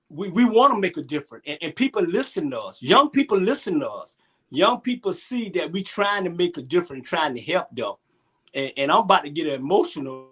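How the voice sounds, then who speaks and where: Casting: higher-pitched man, earnest, halting, repeats his words, panel talk. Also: fairly bright tone. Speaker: youth basketball coach, co-host.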